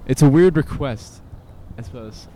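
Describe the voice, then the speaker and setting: A young man talks to the camera outdoors in a city park, rambling in a hesitant, self-conscious way, filling pauses with ums and uhs. His voice sits at an ordinary, middle pitch for a man. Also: warm tone. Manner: hesitant and self-conscious, with nervous laughs and many fillers. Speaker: vlogger. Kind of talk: rambling solo vlog.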